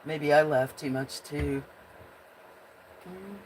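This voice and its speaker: A woman's voice: low voice, a little slow, pauses often, slight background noise. A woman hosting a casual livestream, chatting with viewers in a rambling way and often breaking into giggles. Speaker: livestream host.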